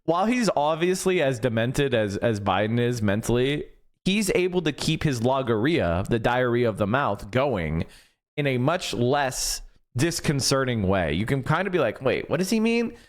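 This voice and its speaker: A man's voice: medium pitch, lively intonation, moderate pace. A man giving casual commentary, mocking and slipping into impressions.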